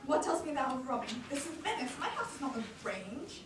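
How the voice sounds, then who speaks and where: Woman doing an indignant old senator, Shakespeare reading, high-pitched, echoey room, heard from afar. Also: expressive, fairly quick, far from the mic, noisy background. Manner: indignant, shouting commands. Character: angry old male senator, proud and alarmed. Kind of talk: amateur Shakespeare stage reading.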